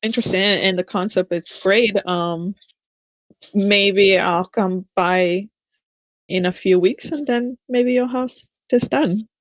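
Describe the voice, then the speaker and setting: A woman's voice: mid-range voice, slow, no echo, low-quality recording. Woman player, hesitant and apologetic, dry voice-chat sound. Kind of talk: tabletop game role-play. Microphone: online voice chat.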